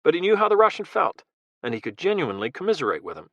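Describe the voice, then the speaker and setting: A man reading a thriller audiobook in a steady, measured narration. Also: fairly high pitch, dry recording, dull audio.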